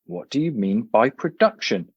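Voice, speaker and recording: A man's voice: mid-range voice, very animated, normal speed, breathy edge, no echo, dull audio. A man voicing a plain-spoken, curious young man in a read-aloud story.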